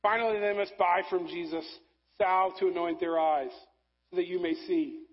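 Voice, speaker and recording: A man preaching a sermon, rising to loud emphasis and dropping to soft, low passages. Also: steady tone, moderate pace, muffled recording. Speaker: pastor.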